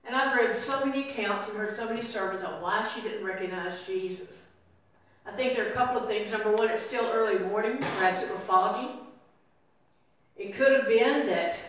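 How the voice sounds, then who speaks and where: An older woman preaching a sermon as pastor, telling the story and voicing its people softly. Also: fairly high pitch. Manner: storytelling, acting out voices softly in quotes. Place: church sanctuary. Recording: very echoey room, voice from far off.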